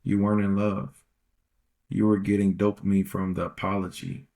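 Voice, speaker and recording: A man's voice: on the low side, level tone, normal speed, warm tone. A man hosting a podcast, giving casual relationship advice in a rambling, slangy way and repeating phrases for emphasis. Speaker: podcast host.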